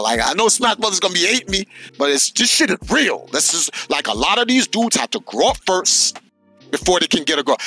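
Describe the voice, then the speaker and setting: A man hosting a podcast, telling stories in an animated, slangy way with lots of swearing. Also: fairly high pitch. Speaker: podcast host. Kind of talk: casual podcast chat.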